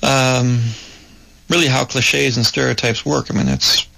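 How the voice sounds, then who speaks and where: A man's voice: mid-range voice, fairly even intonation, unhurried, vocal fry, bright, forceful tone, low-quality recording. A man, a filmmaker, talking in casual conversation, thoughtful and repeating words as he thinks.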